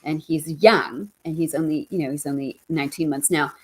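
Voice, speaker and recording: A woman author speaks in a lowish, slightly deeper voice with a playful, animated manner. She pokes fun at herself, and she shifts from lively chat into reading her book aloud. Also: brisk, husky, poor audio. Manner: animated, playful, self-deprecating. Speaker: author, guest. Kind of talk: conversational interview and reading aloud.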